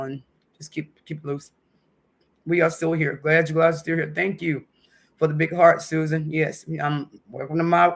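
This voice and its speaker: Gravelly-voiced woman chatting with viewers. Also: deep voice. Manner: emotional, chatty, calls viewers honey and baby. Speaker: livestream host. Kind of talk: casual livestream chat. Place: at home indoors.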